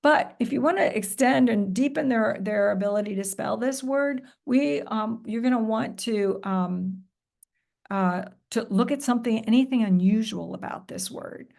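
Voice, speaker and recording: A woman's voice: on the high side, normal speed, creaky, a little mellow. A woman presenting a professional development session, modeling patient call-and-response teaching with encouraging praise. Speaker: teacher trainer. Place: recorded presentation.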